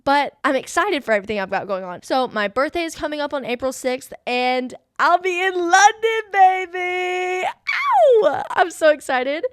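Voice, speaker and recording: Young female podcast host, bubbly and chatty, slightly high, crisp voice. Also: dry recording, studio quality. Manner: bubbly, gushing, says "y'all" and "like" a lot. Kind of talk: casual solo podcast chat.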